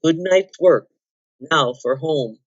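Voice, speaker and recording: A woman's voice: low voice, slow, dry recording, lo-fi sound. A woman voicing a noble, courtly king. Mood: hushed. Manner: formal, old-fashioned courtly speech. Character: noble grown man, a king, courteous and commanding.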